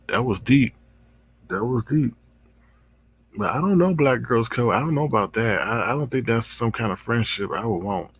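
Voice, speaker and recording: A man hosting his own online commentary channel, chatting casually and reacting with drawn-out exclamations. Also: medium pitch, husky, no room sound. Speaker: drama commentary channel host.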